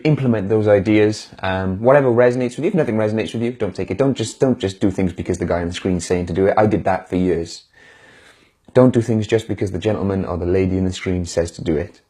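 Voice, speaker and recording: Male motivational speaker, live stream; warm, encouraging, speaks straight to viewers; slightly raspy. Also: fairly low pitch. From United Kingdom. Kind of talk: live-streamed casual pep talk.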